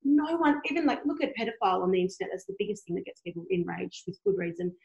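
A woman's voice: medium pitch, animated, quick pace, creaky, darkish tone, roomy sound, poor audio. A woman in her thirties, a blogger guest talking candidly in a podcast conversation, passionate and blunt, swearing freely. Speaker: guest, blogger who tours.

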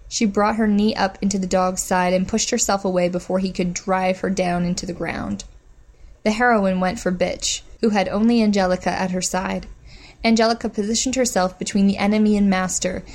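A woman narrates a story aloud at a steady, measured pace. Her voice sits at an ordinary middle pitch for a woman. She reads the action plainly and evenly. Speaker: audiobook narrator. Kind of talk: scripted narration.

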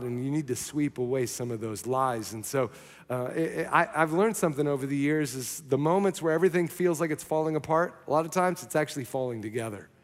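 A young adult male pastor preaching a sermon, telling a personal story in an earnest, animated way. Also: fairly high pitch. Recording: long reverb of a large hall.

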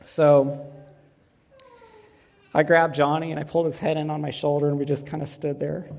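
Male pastor, 30s, earnest sermon delivery with warm anecdotes; reverberant church sound. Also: on the high side. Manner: earnest, storytelling with light humor. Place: church sanctuary.

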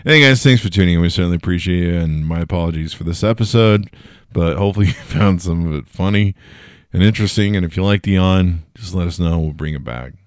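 A man's voice: low-pitched, quick pace, no echo, studio quality. A man hosting a casual solo news podcast, tired and yawning, rambling with jokes and swearing. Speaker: podcast host.

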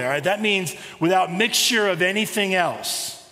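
A man's voice: high-pitched, normal speed, sharp tone, in a large hall. A male pastor preaching a sermon in a conversational way, asking the congregation questions.

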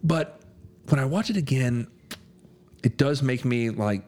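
A man's voice: mid-range voice, animated, unhurried, dark tone. Rambling man reviewing a movie. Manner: rambling, repeats words, swears casually. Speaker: podcast co-host. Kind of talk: casual movie review chat.

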